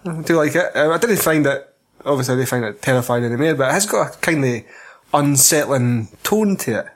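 A Scottish man chatting about a cult horror film with a friend. His voice is husky at a middling pitch. He talks bluntly, swears often and laughs at the bad acting. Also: expressive, brisk. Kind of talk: casual film chat.

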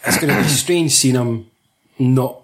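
A man's voice: medium pitch, unhurried. A young man with a Scottish accent from Fife, chatting casually about a film, swearing a lot and laughing often. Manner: sweary, laughing, jokey, puts on voices. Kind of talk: casual film review chat.

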